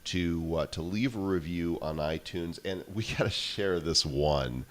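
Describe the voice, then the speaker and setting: A man's voice: low voice, measured pace. A man co-hosting a podcast, chatting casually in an upbeat, promotional way. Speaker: podcast co-host.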